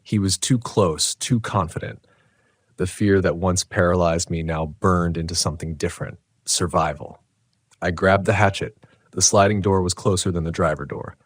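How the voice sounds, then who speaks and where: A man reading a scripted first-person horror story, low and tense, with dramatic pauses. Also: no room sound. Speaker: narrator.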